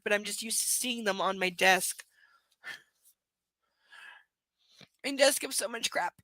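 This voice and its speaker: A tired woman reading a novel aloud on a live stream, breaking off to chat bluntly and sardonically, with plenty of swearing. Her voice is high and bright, recorded close and dry. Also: no echo. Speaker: live stream book reader.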